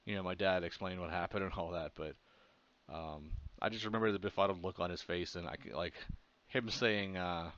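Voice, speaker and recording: A man from Pennsylvania tells a story in a loose, rambling way, stopping often for fillers. His voice sits very low. The audio sounds a little dull and muffled. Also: fairly bright tone, no echo. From Pennsylvania, USA. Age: adult. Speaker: comic artist vlogger. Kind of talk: casual storytelling.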